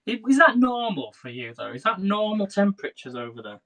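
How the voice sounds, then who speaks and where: A man in his thirties hosts a casual cooking livestream from his home kitchen, chatting with viewers while he works. His voice sits high with big pitch swings, a sharp tone and a slightly fast pace. It's a low-quality phone livestream, with kitchen clatter and clicks in the background.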